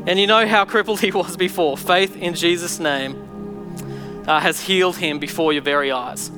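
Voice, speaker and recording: Bright-voiced man preaching in a hall. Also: high-pitched, normal speed, over music. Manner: animated storytelling, acting out voices. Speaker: pastor. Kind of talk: sermon.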